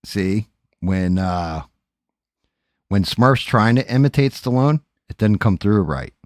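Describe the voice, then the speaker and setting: A man's voice: on the low side, animated, slow, no room sound, clean studio sound. A man hosting a casual livestream, talking in a profane, rambling, off-hand way. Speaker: streamer and host. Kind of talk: casual livestream chat while painting.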